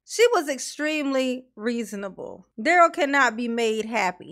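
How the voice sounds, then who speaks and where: A woman talks over trial footage in a casual reaction commentary, her voice sitting a little high. She makes sarcastic, mocking asides in a loose, conversational way. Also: normal speed, few pauses, a bit bright. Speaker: commentary channel host.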